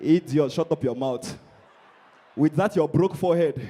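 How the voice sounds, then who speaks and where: A man doing stand-up comedy on stage, loud and brash with the crowd. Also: a little high, moderate pace.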